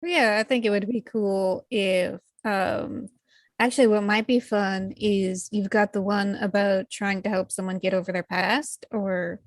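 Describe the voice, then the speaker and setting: A woman's voice: fairly even intonation, a little slow, no echo. Thoughtful woman brainstorming, dry sound. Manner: thoughtful, pitching ideas with hesitations. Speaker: player. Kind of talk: casual tabletop game chat.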